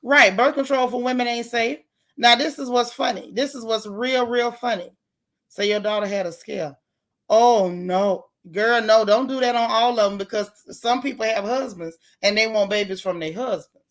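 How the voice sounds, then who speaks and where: A woman's voice: a little high, moderate pace. Sassy chatty woman livestreamer. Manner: chatty, greets viewers by name, sassy Southern slang. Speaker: livestream host. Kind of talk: casual livestream chat.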